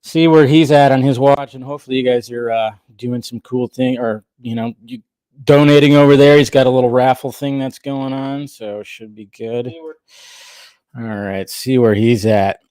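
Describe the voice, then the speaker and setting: A man's voice: mid-range voice, steady tone, moderate pace, mellow, clean tone, no room sound, clean studio sound. A man hosting a casual live stream, chatting and thinking aloud while he sets things up. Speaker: stream host.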